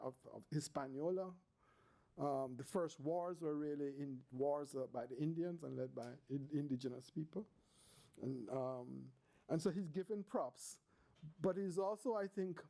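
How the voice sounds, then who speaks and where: A man giving an academic panel talk, halting and restarting often, with emphatic points. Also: a little high, mellow.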